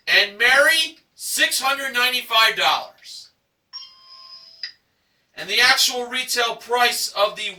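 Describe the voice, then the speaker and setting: A man's voice: sits high, bright, forceful tone, echoey room, recorded from a distance, rough recording. A man recapping a game show episode in enthusiastic narration, stretching out dramatic price reveals.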